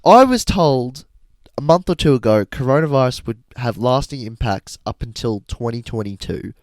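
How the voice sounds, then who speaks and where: A young man with a mid-range voice trades jokes in lively podcast banter. The sound is dry and close to the mic. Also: mid-range voice, moderate pace, no echo. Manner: joking, animated banter. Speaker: podcast co-host. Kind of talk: casual chat.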